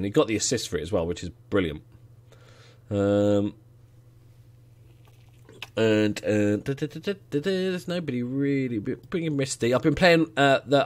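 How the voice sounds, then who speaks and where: A man casually commentating his football management game, getting excited, cheering goals and swearing now and then. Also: medium pitch. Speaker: let's play gamer.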